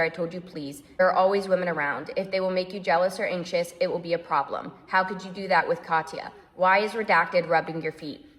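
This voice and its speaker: A woman's voice: fairly low pitch, fairly bright tone, long reverb tail. A woman commentating and reading emails aloud, incredulous.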